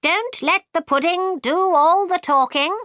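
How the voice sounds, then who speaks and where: A woman's voice: very high-pitched, measured pace, a bit bright, no room sound, studio quality, voice pushed up. A woman voicing a bossy, imperious queen who gives commanding, clipped orders in a storybook reading.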